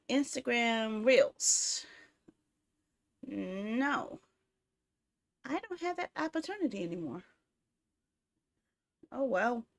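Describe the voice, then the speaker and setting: A woman streamer in casual live-stream chat, rambling and talking to herself as she fiddles with apps, quick to get exasperated and swear. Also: a little high, gravelly.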